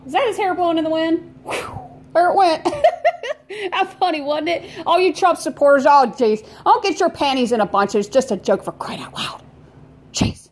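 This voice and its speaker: Very high-voiced chatty woman podcaster. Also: a little mellow, a little hiss or hum. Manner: chatty, joking, rhetorical asides to the audience. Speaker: podcast host. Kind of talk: casual chat to listeners.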